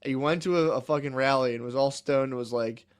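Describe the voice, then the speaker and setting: A man's voice: mid-range voice, a little fast, clear, resonant tone, no echo. A man co-hosting a casual podcast, rambling through a story with lots of slang and swearing.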